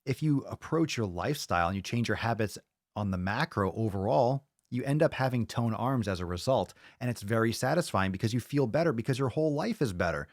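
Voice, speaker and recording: A man's voice: medium pitch, expressive, brisk, dry recording, studio quality. A man hosting a fitness podcast in casual chat, ranting bluntly and swearing often. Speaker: podcast host.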